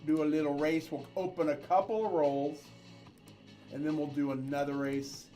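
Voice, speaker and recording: A man's voice: on the high side, fairly even intonation, normal speed, dark tone, soft background music. A man co-hosting a casual livestream, rambling in chat and calling races with playful jokes. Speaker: livestream co-host.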